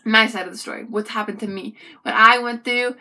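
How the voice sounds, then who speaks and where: A young woman talks straight to the camera, telling her own story in a chatty, animated way and turning to the viewer with quick asides. Her voice sits a little high and sounds bright and forceful. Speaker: vlogger.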